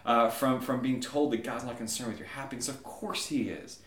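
A man preaching a sermon, animated and conversational, often checking in with a quick "right?". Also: mid-range voice, roomy sound. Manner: animated storytelling, frequent "right?" asides. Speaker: pastor.

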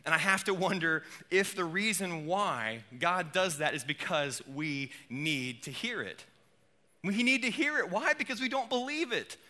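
A man preaching a sermon in a casual, animated way, with playful asides. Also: high voice, a little slow. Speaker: pastor.

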